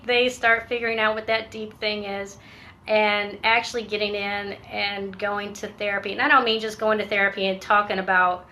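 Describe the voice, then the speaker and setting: A woman speaking in a candid personal vlog, with a voice of ordinary pitch for her sex. She is earnest and reflective, often pausing, trailing off and restarting as she works through her thoughts. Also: flat delivery, sharp tone. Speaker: veteran finishing a PTSD treatment program.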